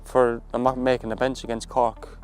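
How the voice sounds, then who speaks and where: A man's voice: mid-range voice, little pitch movement, normal speed, a little mellow, soft background music. A man with an Irish accent, a footballer telling stories in a casual interview, full of fillers and restarts. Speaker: footballer, guest.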